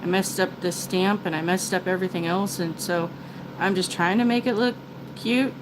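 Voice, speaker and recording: An older woman with a lowish, steady voice and moderate pace hosts a chatty live stream against a noisy background. She rambles, restarts frequently, and admits she's a big talker.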